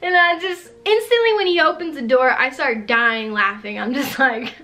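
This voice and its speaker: A young woman telling a storytime vlog, animated and laughing often as she talks. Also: high voice, moderate pace. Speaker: vlogger.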